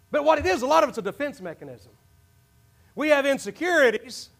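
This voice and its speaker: The setting sounds like a church service, with a pastor addressing his congregation in the sanctuary. His very high voice carries a passionate sermon that swings from near-shouted proclamations to hushed, low asides.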